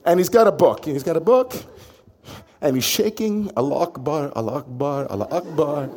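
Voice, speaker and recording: A man, a rabbi, telling a personal story in an animated, dramatic way. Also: sits high.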